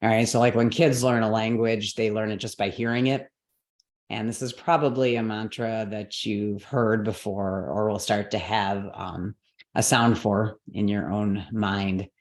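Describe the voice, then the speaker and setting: A woman teaches an online mantra lesson on Sanskrit stress. She walks through each rule patiently, pausing often to check in with her students. She slows right down whenever she spells out a syllable. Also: rumbling low, fairly even intonation. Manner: patient explaining with frequent okays and all rights.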